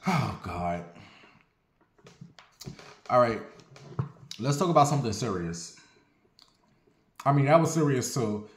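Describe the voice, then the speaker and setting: A man casually telling a personal story on his vlog, animated and profane, with sassy asides. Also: medium pitch, a little slow, pauses often, roomy sound.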